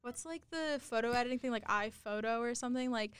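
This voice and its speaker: A woman's voice: a little high, fast, fairly bright tone, clean tone, no echo. A young woman guest in a casual podcast interview, telling stories chattily with constant fillers, in a campus studio. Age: young adult.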